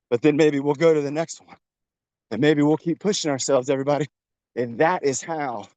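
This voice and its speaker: A man's voice: on the high side, a little mellow, dry recording. A man coaching a workout while jogging outdoors, encouraging and a little out of breath. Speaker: fitness coach. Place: outdoors on a trail.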